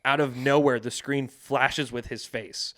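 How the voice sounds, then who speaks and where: A man's voice: medium pitch, steady tone, a little slow, fairly bright tone. A man co-hosting a podcast in casual chat, rambling and hesitant, swearing casually. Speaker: podcast co-host.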